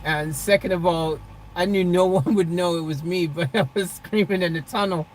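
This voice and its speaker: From her parked car, a vlogger hosts a casual live stream, reading the chat and talking loosely with viewers by name, laughing frequently, rambling, and saying "freaking" plenty. Her voice is on the low side at a normal speed, with background noise.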